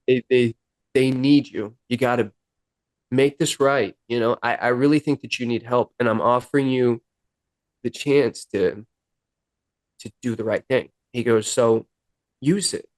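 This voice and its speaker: A man with a medium-pitched voice speaks a little slowly, with long pauses, and no room sound. A musician guesting on a podcast, he earnestly retells his recovery story in a sit-down interview, acting out the dialogue and coming near tears at times.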